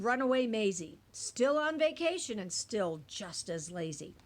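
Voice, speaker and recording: A woman reads a rhyming picture book aloud with an expressive, singsong delivery. Her voice sits a little high and ranges widely. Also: a little slow. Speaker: storybook reader.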